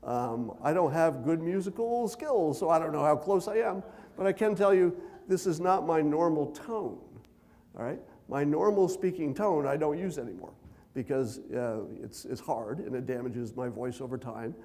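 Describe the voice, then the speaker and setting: A man delivering a keynote speech in a loose, conversational way, full of asides and dry self-deprecating humor. He deliberately holds his voice a little higher than usual, and the tone stays mellow and soft-edged. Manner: deliberately speaks at a raised pitch; loose, unhurried delivery with many fillers and asides. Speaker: keynote speaker.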